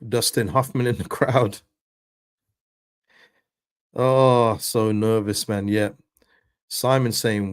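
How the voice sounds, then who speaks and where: A man hosting a live football watchalong stream, reacting excitedly to the match and answering viewers' chat messages. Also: on the low side, takes it slowly, pauses often, no echo, studio quality. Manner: excitable, pleading, chatty with viewers.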